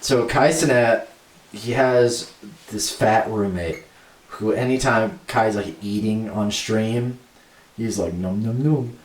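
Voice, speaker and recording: A man's voice: lowish voice, slow, recorded from a distance. A young man co-hosting a podcast in casual chat, rambling with lots of fillers and laughing easily. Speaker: podcast co-host. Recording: roomy sound from off mic.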